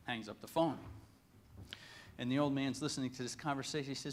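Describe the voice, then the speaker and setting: A man giving a lively storytelling talk at a conference, folksy and joking. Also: medium pitch, a little fast, long pauses. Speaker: conference speaker.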